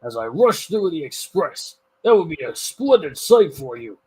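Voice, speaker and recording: A man voicing a proud, grumpy big male engine that boasts and grumbles slowly, with a husky voice. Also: on the high side, very animated, darkish tone, no room sound, full character voice, rough recording. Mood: boastful.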